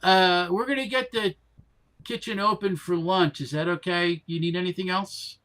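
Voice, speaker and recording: A man's voice: high-pitched, steady tone, moderate pace, fairly bright tone, voice pushed up. A man voicing a friendly, eager-to-please male taco shop server in a plain, chatty voice, with no accent put on.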